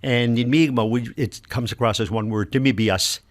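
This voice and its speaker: A man's voice: medium pitch, steady tone, normal speed. An older man from Nova Scotia, Canada, an elder and linguist, patiently explaining words one by one with examples in a radio conversation.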